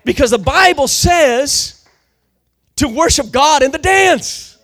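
A man preaches a sermon fervently, using slang, restarting often, and frequently building up to shouting. His voice is extremely high and expressive, and he takes it slowly.

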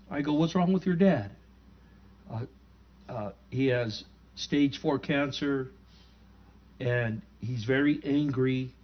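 A man delivering a sermon as a relaxed, conversational story, acting out the lines of everyone in it. His voice sits a little high for a man. The recording sounds somewhat muffled and lo-fi. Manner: conversational, animated retelling with quoted dialogue. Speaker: pastor.

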